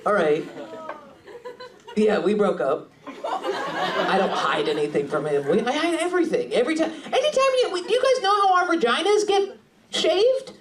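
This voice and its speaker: High bouncy voice, woman roasting the crowd at a comedy club, swears a lot, mic a bit far off, laughing crowd around. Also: big pitch swings, normal speed. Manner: brash, profane, teasing. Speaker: stand-up comedian. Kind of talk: stand-up crowd work. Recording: roomy club sound from a distance. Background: laughing audience.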